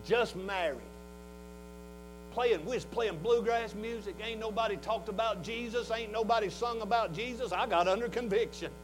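A man in his sixties with a Southern US accent, preaching a fervent revival sermon in a folksy way that swings from hushed talk to shouting. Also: high voice, moderate pace, background noise. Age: 60s.

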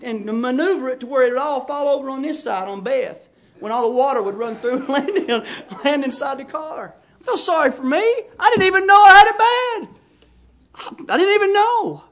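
A middle-aged man preaching a sermon in a folksy, emphatic way that rises to fervent shouting. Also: very high-pitched.

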